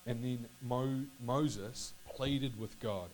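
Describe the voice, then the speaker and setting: A man talks through a Bible passage in a relaxed, personal way. He trips over his words, restarts, and apologizes as he goes. A faint electrical hum and hiss sit under the voice. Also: mid-range voice, poor audio. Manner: halting, self-correcting, apologetic. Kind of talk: casual Bible reading and reflection.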